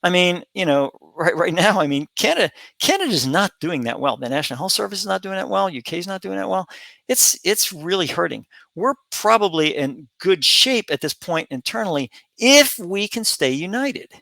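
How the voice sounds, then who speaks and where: A middle-aged man holds forth on his commentary channel in a bright, slightly high voice. He rambles, repeats phrases and stops to restart, filling gaps with "um" and "you know." The sound is close and dry, with no room around it. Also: sing-song, normal speed, creaky, no echo. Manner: rambling, repetitive, with many fillers and restarts. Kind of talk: opinion monologue.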